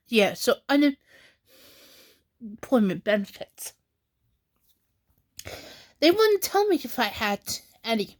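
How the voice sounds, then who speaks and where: A woman vlogging about her troubles while crying, halting and apologetic, with sighs and restarts. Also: a little high, big pitch swings. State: crying, tearful. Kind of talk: emotional personal vlog.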